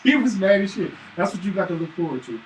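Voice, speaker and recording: High-voiced man telling family stories. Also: fast talker. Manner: animated, profane, acts out his son's voice. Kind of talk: casual chat, storytelling. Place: room at a live stream. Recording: roomy, distant mic, faint hiss.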